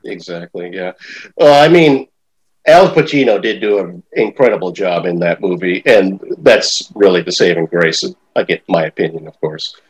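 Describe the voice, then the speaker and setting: A man's voice: sits low, moderate pace, husky, poor audio. A middle-aged man hosting a podcast interview, talking in a hesitant, rambling way with lots of fillers. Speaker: podcast host. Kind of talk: casual interview chat.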